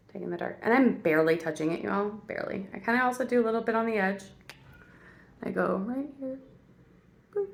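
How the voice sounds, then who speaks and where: Her voice is a little high, creaky, and a bit bright. An adult actress and mother, she chats playfully and goofily straight to her viewers while showing her makeup routine in a relaxed tutorial.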